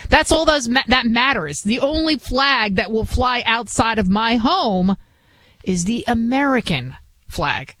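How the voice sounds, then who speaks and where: A woman's voice: on the high side, expressive, a little slow, a bit bright, no room sound, poor audio. A woman with a Bronx New York accent, hosting a radio talk show in a chatty, emphatic, rambling way. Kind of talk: casual talk radio monologue.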